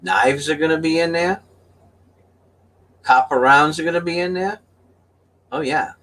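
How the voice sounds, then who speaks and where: A man's voice: fairly high pitch, a little slow, fairly bright tone. A middle-aged man hosting his own channel, telling a story in a folksy, casual way and laughing often. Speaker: channel host.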